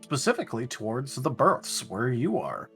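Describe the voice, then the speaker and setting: A man narrating as game master in a tabletop game, in a relaxed, unhurried way. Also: medium pitch, gravelly, faint music behind.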